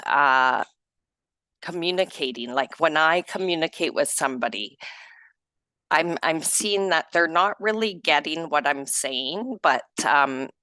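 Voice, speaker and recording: A woman reads aloud to an online group at an unhurried pace, her voice rising and falling a lot. She chats between passages, laughs often and corrects herself. The sound is dry and close. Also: low voice, pushed and bright, dry recording. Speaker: group reader. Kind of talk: casual reading and group discussion.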